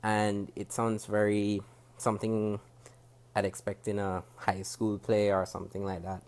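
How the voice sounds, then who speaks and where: A man with a Jamaican accent, speaking to camera as he reviews a TV show. He talks in a critical, measured way and often restarts his sentences as he thinks aloud. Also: lowish voice, completely flat delivery, a little mellow. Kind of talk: casual spoken review to camera. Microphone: camera facing the speaker.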